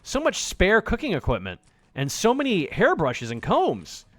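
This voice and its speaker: A man's voice: high-pitched, normal speed, dry recording. A man streaming a video game, reading it aloud and joking around with lots of swearing. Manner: animated, jokey, swears often. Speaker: gaming streamer.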